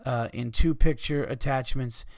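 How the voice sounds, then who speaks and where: A man's voice: medium pitch, steady tone, a little slow, a little mellow, no echo. Man, podcast host, profane rambling rant, dry recording. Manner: profane, rambling, fired-up ranting. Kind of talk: solo podcast rant, reading listener letters.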